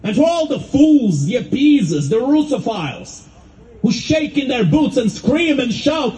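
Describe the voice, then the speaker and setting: A man delivering an impassioned public speech with fervent, rhetorical emphasis and dramatic pauses. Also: extremely high pitch, sing-song, mellow, low-quality recording. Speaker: speaker at a rally.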